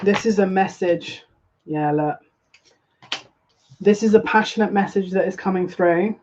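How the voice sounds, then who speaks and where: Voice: medium pitch, measured pace, darkish tone. A tarot reader giving a live reading in a casual way. They often repeat phrases and keep saying "yeah, look.". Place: home room, lighting incense. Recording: dull lo-fi with faint noise.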